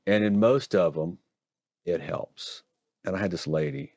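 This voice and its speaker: A middle-aged man from Oregon, a hand surgeon telling stories and explaining procedures in a folksy, animated interview manner. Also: low-pitched, unhurried, dry recording. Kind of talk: conversational interview storytelling.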